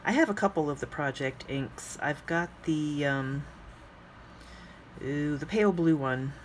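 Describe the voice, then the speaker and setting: Chatty woman musing aloud, lowish voice. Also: measured pace, a little hiss or hum. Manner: chatty, musing aloud, thinks out loud with frequent fillers; talks to herself while working with her hands. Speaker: fountain pen ink vlogger. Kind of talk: casual chat while swatching inks.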